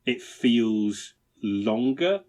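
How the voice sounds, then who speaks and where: A man's voice: mid-range voice, expressive, extremely slow, a crowd in the background. A man hosting a casual podcast, asking a friend follow-up questions in easygoing banter. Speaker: podcast host. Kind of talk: casual chat.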